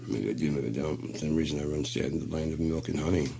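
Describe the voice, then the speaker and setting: A man's voice: a bass voice, moderate pace, creaky, fairly bright tone, a little hiss or hum. A man rambling in a casual, profane monologue. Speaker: solo talker.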